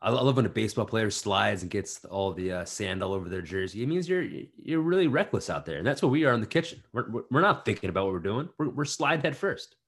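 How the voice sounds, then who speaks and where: A young man co-hosting a podcast, joking around in casual chat and riffing bits with quick restarts. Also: on the low side, animated. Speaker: podcast co-host.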